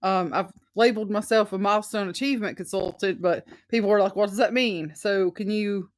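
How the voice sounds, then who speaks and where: A woman's voice: medium pitch, fairly quick. A woman with a Southern US country twang calling into a live podcast, hesitant and searching for words with many ums. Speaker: audience caller.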